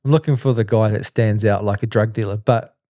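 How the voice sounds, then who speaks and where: A man's voice: on the low side, fairly even intonation, a little fast, warm tone, no room sound, studio quality. A man, a podcast host telling a long story in a rambling casual way, full of fillers. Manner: rambling, full of "like" and "you know".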